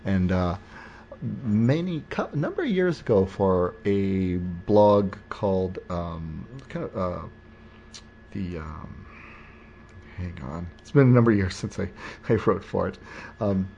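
A man's voice: deep voice, lively intonation, takes it slowly, gravelly, warm tone, a little hiss or hum. A man hosting a podcast in casual chat, rambling and joking with many restarts. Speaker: podcast host. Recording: dull lo-fi recording.

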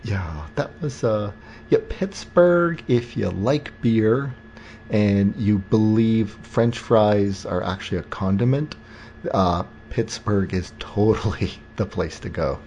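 Low gravelly man, rambling podcast host. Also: takes it slowly, warm tone, slight background noise. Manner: rambling, joking, many restarts. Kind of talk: casual podcast chat. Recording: dull lo-fi recording.

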